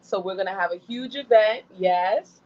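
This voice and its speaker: A woman's voice: medium pitch, normal speed, a little mellow. A woman guest chatting casually and laughing easily in an interview. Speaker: guest event organizer. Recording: dull lo-fi sound.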